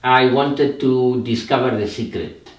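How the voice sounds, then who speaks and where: Older male meditation teacher, Spanish native, slow and reflective, recorded off-mic in a roomy space. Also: mid-range voice. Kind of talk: live meditation talk. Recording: echoey room, mic at a distance.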